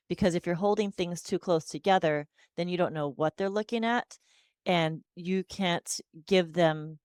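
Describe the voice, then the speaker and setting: A woman's voice: on the low side, a little mellow, clean tone, no room sound, clean studio sound. A woman in her forties, a speech-language pathologist, chatting casually as a podcast guest and slipping into a sing-song tone when she models talking to children. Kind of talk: casual interview conversation.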